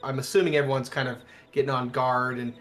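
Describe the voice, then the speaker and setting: A man's voice: medium pitch, level tone, fast talker, fairly bright tone, soft background music. A man narrating a tabletop game as game master, in loose, rambling sentences full of fillers.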